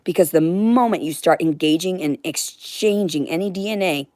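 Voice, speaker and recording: A woman's voice: fairly low pitch, normal speed, darkish tone, no room sound, studio quality. A woman delivering a heated, rambling monologue to her viewers, swearing freely as she goes. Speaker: livestreamer.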